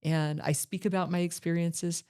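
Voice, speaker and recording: A woman's voice: on the low side, little pitch movement, moderate pace, warm tone, smooth. Earnest middle-aged woman telling her story. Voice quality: earnest, reflective. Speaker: podcast host. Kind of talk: personal storytelling monologue.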